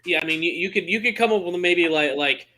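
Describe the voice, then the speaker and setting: Man, podcast co-host, bright tone, casual rambling sports chat. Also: high voice, fast talker. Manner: joking, rambling with restarts.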